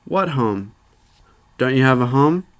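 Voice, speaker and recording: A man voicing a frail, gentle old man stranded in a tree, speaking softly and wistfully. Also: mid-range voice, animated, a little slow, lightly acted. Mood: puzzled.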